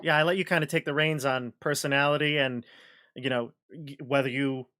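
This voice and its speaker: A man's voice: mid-range voice, steady tone, fairly quick, sharp tone. A man hosting a casual chat as game master, talking in loose sentences with many restarts and fillers. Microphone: video call.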